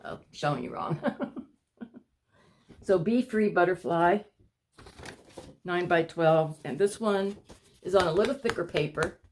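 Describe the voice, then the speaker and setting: In a lowish, darkish voice, a woman talks unhurriedly with long pauses, over slight background noise. She's vlogging from home, showing her paintings in a casual chat to camera, out of breath, rambling and apologetic.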